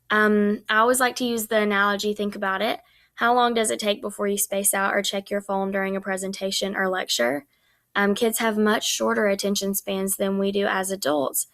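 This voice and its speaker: Young woman, student presenter, chatty with frequent ums, some vocal fry. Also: medium pitch, a bit bright. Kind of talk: recorded class presentation.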